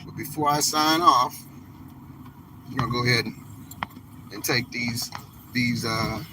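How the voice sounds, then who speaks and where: A man's voice: mid-range voice, background noise. Man lecturing his live chat from a car. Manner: slow, emphatic, preachy lecturing with drawn-out words. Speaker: livestream host. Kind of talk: casual live-stream talk to chat.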